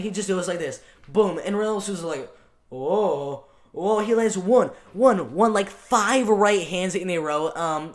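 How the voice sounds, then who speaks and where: A young man hosting his own fight-prediction channel, talking casually and excitedly with lots of ums and restarts. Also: sits high. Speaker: MMA channel host.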